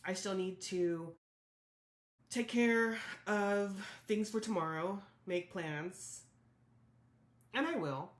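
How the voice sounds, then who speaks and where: A woman's voice: mid-range voice, slow, pauses often, roomy sound. A woman hosting a solo podcast, talking candidly and reflectively about her own thoughts and feelings. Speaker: podcast host.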